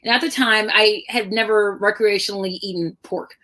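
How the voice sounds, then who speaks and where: With a medium-pitched voice at a moderate pace, a middle-aged author guest shares personal stories in lively conversation. She performs the voices of the people she quotes.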